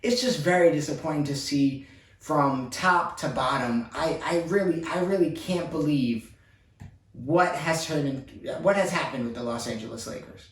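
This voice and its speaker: A frustrated basketball fan rants in exasperation, repeating himself as he stacks up one complaint after another. His fairly bright voice is a little high for a man, moderately paced, and picked up from some distance off the mic in a room with a roomy echo.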